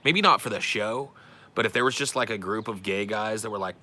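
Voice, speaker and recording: Male podcast host, casual chat, self-deprecating, low and forceful. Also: quick pace, a little hiss or hum. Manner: candid, self-deprecating, rambling.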